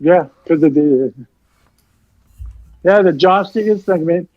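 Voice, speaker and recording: A man co-hosting a casual wrestling chat, excitable and swearing as he retells scenes. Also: on the high side, takes it slowly, no room sound, highs cut off. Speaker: co-host.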